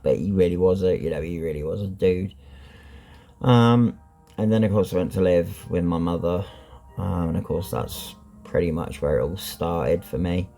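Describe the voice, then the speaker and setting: Man, deep voice, gravelly, frank rambling vlog talk, soft music behind. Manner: rambling, full of ums and you-knows; blunt and frank, swears. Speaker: vlogger. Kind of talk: candid personal vlog.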